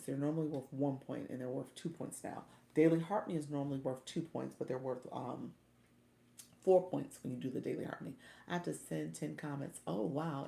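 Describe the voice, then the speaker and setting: Low, gravelly woman streaming from home. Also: mellow, echoey room. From Orlando, Florida. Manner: chatty, laughs often, calls viewers y'all. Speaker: livestream host and coach. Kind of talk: casual livestream chat.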